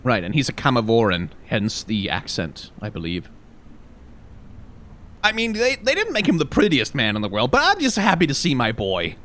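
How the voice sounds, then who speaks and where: A man's voice: mid-range voice, huge pitch swings, a little fast, few pauses, a bit bright. A man giving casual let's-play commentary, chatty and rambling, with many fillers. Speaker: gaming video host.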